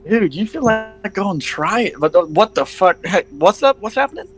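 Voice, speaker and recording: A man's voice: high voice, big pitch swings, normal speed, over music, pitched above the performer's own voice, poor audio. A man voicing a young male adventurer who talks in an odd, slangy way, calling everyone dude. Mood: goofy. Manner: slangy, keeps saying dude.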